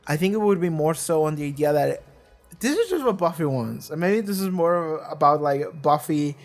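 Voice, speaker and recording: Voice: mid-range voice, normal speed, soft background music. A reaction video host giving casual commentary on a TV episode, rambling and swearing freely, with frequent laughs. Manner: rambling, profane, animated, laughs often.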